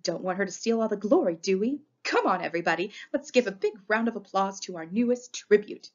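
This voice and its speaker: A woman's voice: a little high, expressive, quick pace, voice pushed up. A woman voicing a fussy, chirpy female escort who trills her words in an affected way, on a dull lo-fi recording. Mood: gushing. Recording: dull lo-fi audio.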